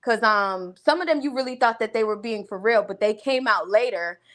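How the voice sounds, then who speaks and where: A woman co-hosting a casual talk radio show, speaking in a thoughtful, measured way with frequent pauses. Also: fairly high pitch, fairly bright tone. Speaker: co-host.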